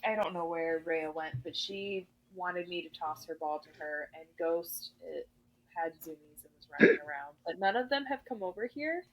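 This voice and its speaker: A woman's voice: lowish voice, normal speed, poor audio. A woman co-hosting a podcast in casual chat, rambling and giggling as she tells stories. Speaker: podcast co-host.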